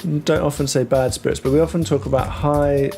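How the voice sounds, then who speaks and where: A man teaching English vocabulary, talking through words with many ums and restarts and slowing down on the key terms. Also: fairly high pitch, fairly even intonation, gravelly, darkish tone, soft background music. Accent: British English. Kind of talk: explaining vocabulary to learners.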